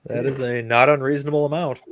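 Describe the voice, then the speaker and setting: A man's voice: mid-range voice, steady tone, fast, over a noisy crowd. A man from Wisconsin chatting on a live stream, given to wry remarks and storytelling. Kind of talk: casual live stream chat.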